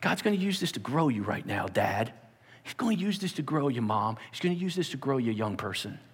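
A male pastor delivering a sermon and prayer, swinging between loud urging and quiet emphasis. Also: mid-range voice, sing-song, brisk, slightly rough, in a large hall.

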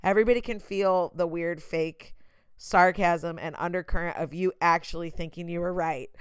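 A woman's voice: on the low side, normal speed, clear, resonant tone, dry recording. A woman hosting a podcast, talking through a heartfelt, reflective monologue and acting out bits of conversations. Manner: earnest, heartfelt, acts out quoted exchanges. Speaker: podcast host.

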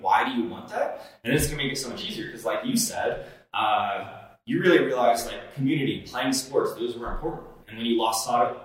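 A man's voice: mid-range voice, a bit bright. Man on a roomy, distant mic. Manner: earnest, coaching tone with fillers. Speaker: podcast co-host. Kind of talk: casual podcast chat. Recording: echoey room, off-mic.

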